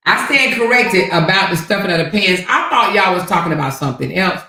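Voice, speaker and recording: A woman hosts a casual livestream, commenting bluntly and sassily, swearing freely and calling listeners honey and child. Her lowish voice is expressive, a little fast, and sharp in tone, captured off mic in an echoey room.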